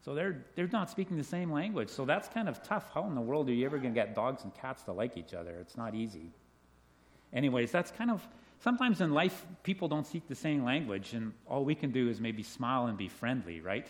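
A middle-aged man telling children a story, animated, asking them questions and laughing along with them. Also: medium pitch, brisk. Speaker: children's talk leader. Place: indoors with a group of children.

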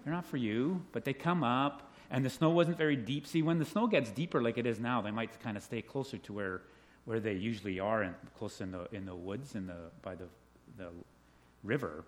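A middle-aged man telling children a story, animated, asking them questions and laughing along with them. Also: mid-range voice, a little fast. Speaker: children's talk leader. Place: indoors with a group of children.

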